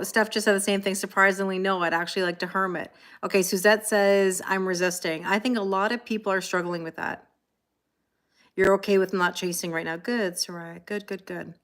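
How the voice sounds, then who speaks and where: A woman's voice: fairly low pitch, fairly bright tone. A middle-aged woman with a Canadian accent, chatting with viewers by name and reading tarot on a live stream. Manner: chatty, greets viewers by name, reads out comments. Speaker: tarot reader.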